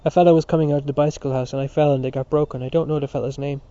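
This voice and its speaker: A man's voice: medium pitch, fairly even intonation, very fast, dark tone, lightly acted. Man voicing a schoolboy, timid, hesitant, polite, dull lo-fi sound. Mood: nervous. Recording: dull lo-fi recording.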